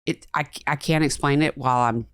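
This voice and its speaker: Woman, podcast host, deep voice, swearing, a little tipsy, dry studio sound. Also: steady tone, brisk, clear, resonant tone, no room sound. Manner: profane, rambling, laughs easily. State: been drinking. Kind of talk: casual chat.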